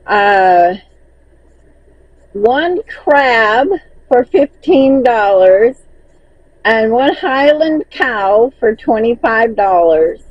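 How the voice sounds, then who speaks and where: A woman's voice: fairly high pitch, expressive, takes it slowly, no echo, dull audio. A woman with a Southern accent, chatting casually in a vlog as she recaps her crochet market sales and laughs often.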